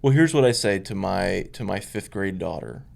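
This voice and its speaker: A man's voice: sits low, expressive, moderate pace, vocal fry. A man, a minister co-hosting a podcast, telling stories emphatically in casual chat. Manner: storytelling, emphatic, acts out quoted voices.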